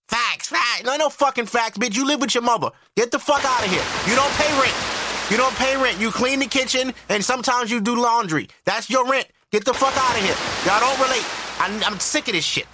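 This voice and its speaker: A man hosting a podcast alone, ranting loudly and profanely in disbelief. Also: extremely high pitch, fairly quick, noisy background. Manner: loud, profane, incredulous ranting. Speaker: podcast host. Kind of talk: ranting solo podcast commentary.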